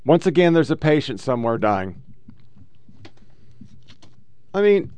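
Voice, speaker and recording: A man's voice: a little high, sing-song, fairly quick, darkish tone, smooth. Blunt, crude middle-aged man hosting. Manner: blunt, crude, lectures women in clips. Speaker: podcast host reacting to clips. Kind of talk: casual profane commentary.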